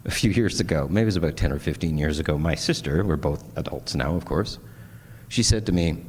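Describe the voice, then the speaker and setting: A man's voice: a bass voice, a little fast, a little mellow. A man giving an earnest, candid conference speech with self-deprecating humor. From Canada. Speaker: conference speaker. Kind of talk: personal keynote speech. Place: large conference hall. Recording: long hall reverb, faint noise.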